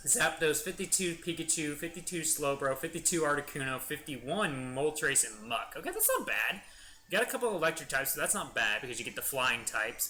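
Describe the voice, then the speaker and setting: A man's voice: mid-range voice, pushed and bright. A young man hosting a gaming video, chatting enthusiastically in a rambling let's-play commentary. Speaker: gaming channel host.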